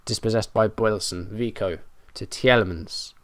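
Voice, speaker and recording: A man's voice: on the low side, steady tone, normal speed, a bit bright, no room sound, clean studio sound. A man giving running play-by-play commentary on a football management game, frustrated and self-mocking. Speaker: gaming YouTuber.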